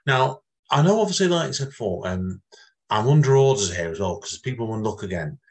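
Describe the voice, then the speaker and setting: A man's voice: fairly low pitch, sing-song, fairly quick. A man hosting an interview, asking questions in a rambling, repetitive way. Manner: rambling, repeats himself, many restarts. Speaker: interview host. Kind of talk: casual interview chat.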